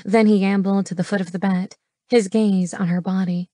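A woman narrating a romance audiobook in a measured, intimate reading from a studio booth on a close mic. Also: mid-range voice, steady tone, dark tone, no echo.

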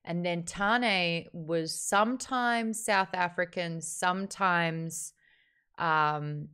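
A woman's voice: lowish voice, extremely slow, pushed and bright, clean tone. A woman hosting a casual online book chat, reviewing a novel candidly and reading out viewer comments, with wry remarks and frequent laughs.

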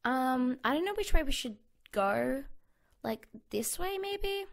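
A woman's voice: high-pitched, very animated, slow. A young Australian woman chatting casually in her bedroom as she plays through a survival game, bubbly and thinking aloud. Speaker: gaming channel host. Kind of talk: casual gameplay commentary. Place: home bedroom. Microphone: USB condenser mic.

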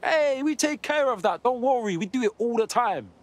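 A breezy, offhand resistance operative. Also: male voice, extremely high pitch, expressive, moderate pace. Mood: confident. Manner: casual, offhand, confident. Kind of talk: video game dialogue.

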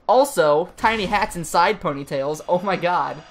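A woman's voice: on the low side, expressive, normal speed, slight background noise. A woman co-hosting a casual gaming show, reading aloud with sarcastic mock enthusiasm. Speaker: co-host.

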